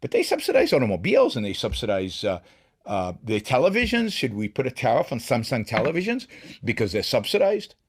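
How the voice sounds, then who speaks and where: A man's voice: mid-range voice, huge pitch swings, brisk, slightly rough. A middle-aged man hosting a solo political commentary show, talking emphatically with frequent restarts and repeated words. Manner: emphatic, with many restarts and repetitions. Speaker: show host.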